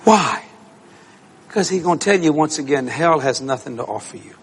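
A male preacher delivering an animated storytelling sermon to a congregation, acting out voices and breaking into shouts and laughter. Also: fairly high pitch, moderate pace, slight background noise. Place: church service with congregation.

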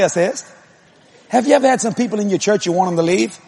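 A man preaching a sermon, moving between conversational asides to the congregation and loud, emphatic repeated lines. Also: high-pitched, quick pace, gravelly, slightly rough.

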